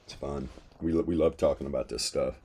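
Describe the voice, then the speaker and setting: A man's voice: rumbling low, fairly even intonation, fairly quick, warm tone, slightly rough. A man hosting a live trading stream, chatting casually about charts, swearing and laughing as he tells stories. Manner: laid-back, swears, laughs while telling stories.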